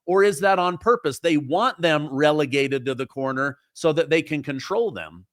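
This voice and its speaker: A man hosting a political talk show, asking questions in an animated way and acting out the voices he quotes. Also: on the high side, moderate pace, few pauses, no echo, clean studio sound. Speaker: host.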